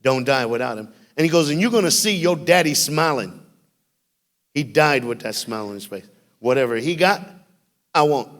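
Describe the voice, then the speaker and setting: A man preaches to a church congregation. He tells stories and jokes, getting loud at some moments and going quiet at others. His voice carries a long reverb from the church hall. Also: on the high side, moderate pace, long pauses. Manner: animated storytelling with jokes, shifting from loud bursts to hushed. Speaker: youth speaker. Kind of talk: sermon.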